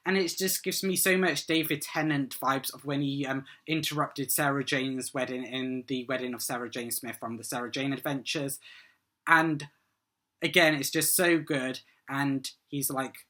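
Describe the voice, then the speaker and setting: A man's voice: medium pitch, fairly even intonation, moderate pace, pushed and bright. A man giving a casual solo review of a TV episode, rambling and eager, with many "um"s and "like"s.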